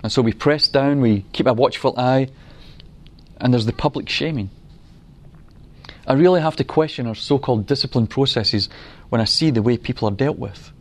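Middle-aged male preacher, earnest and unhurried, mid-pitched voice, sermon delivery. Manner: earnest, unhurried storytelling with acted-out quotes.

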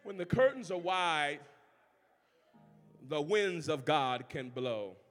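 A man from New Orleans with a New Orleans accent, preaching a sermon. He shouts and uses call-and-response, with jokes between points. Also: on the high side, expressive, takes it slowly, soft background music. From New Orleans, Louisiana. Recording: long reverb of a large hall.

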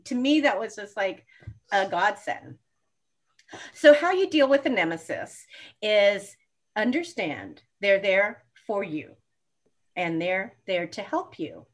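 A woman's voice: mid-range voice, very animated, slow pace. A woman who reads astrology charts, answering audience questions in a live talk and acting out her own reactions. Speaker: astrology reader, co-host.

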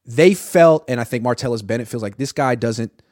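A man's voice: mid-range voice, darkish tone, no room sound, clean studio sound. A man hosting a sports talk show, arguing his points emphatically in casual chat. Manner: emphatic, rapid interjections of agreement. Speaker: podcast host.

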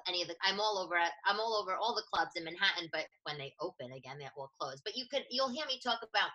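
A woman in her thirties with a New York accent, a stand-up comic chatting on a podcast, loud and a bit nasal, with many quick restarts. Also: lowish voice, rough recording. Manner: fast, animated, many restarts. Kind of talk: casual podcast chat.

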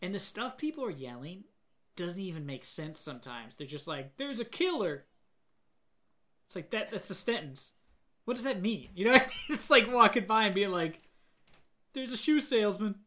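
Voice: medium pitch, animated, a little fast, bright, forceful tone. A podcast co-host in casual chat, exasperated about a film and laughing as they talk. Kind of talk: casual movie review chat.

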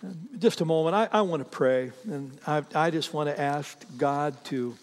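A man's voice: on the high side, normal speed, long reverb tail. A man preaching a sermon, telling a story earnestly and speaking directly to his congregation. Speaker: pastor.

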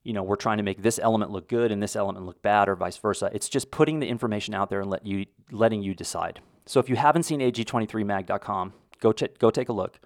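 A middle-aged American man from the United States hosts a podcast, talking fast with few pauses in a voice on the low side. The recording is dry with clean studio sound, and his casual monologue rambles a little, with restarts.

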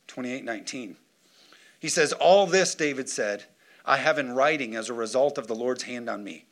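A man pastor preaching a sermon in a church, lively and joking, calling on the congregation for amens. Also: mid-range voice. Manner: lively preaching with jokes and call-and-response. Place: church sanctuary.

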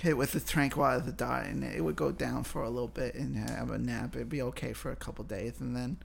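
A man co-hosting a podcast, deadpan and profane, spinning absurd tall tales. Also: medium pitch, fairly quick, creaky, slightly rough. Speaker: podcast co-host. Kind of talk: casual podcast banter.

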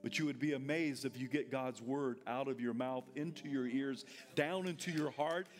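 A man preaching a sermon in church, leading the congregation in call and response and building up to shouted lines. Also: medium pitch, normal speed, soft background music. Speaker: pastor.

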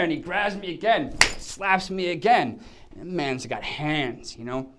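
Animated man telling an acting story. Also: fairly high pitch, unhurried, slight background noise. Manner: animated storytelling, acts out quotes and sound effects. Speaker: actor. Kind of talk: casual anecdote.

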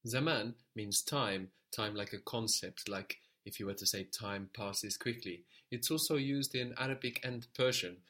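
A man's voice: lowish voice, unhurried, few pauses, pushed and bright. A man teaching a language lesson, explaining step by step and prompting his student to answer.

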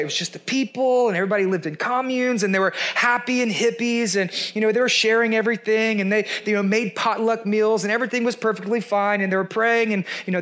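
Guy pastor w a high voice, chatty sermon, jokey and sarcastic, lots of "right?". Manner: animated, conversational, playfully sarcastic.

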